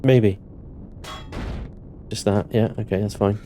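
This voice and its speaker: A man's voice: fairly low pitch, steady tone, slow pace, a little hiss or hum. Man narrating his game, jumpy and joking. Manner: thinks aloud, swings into panicked yelling and joking curses. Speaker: gaming channel host. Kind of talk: let's-play commentary.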